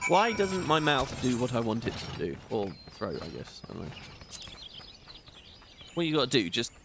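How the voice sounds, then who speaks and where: A man's voice: medium pitch, very animated, normal speed, vocal fry, noisy background. A man hosting a gaming video, giving rambling, opinionated playthrough commentary. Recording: game music behind voice.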